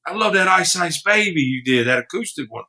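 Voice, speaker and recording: A man putting on the voice of a laid-back famous rapper calling on the phone, higher and upbeat. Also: expressive, fairly quick, bright, forceful tone, heavily acted. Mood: enthusiastic.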